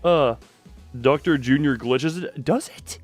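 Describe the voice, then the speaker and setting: A man's voice: fairly high pitch, slow pace, faint music behind. A man streaming a game live, joking and rambling as he reacts to his chat, on a close desk microphone.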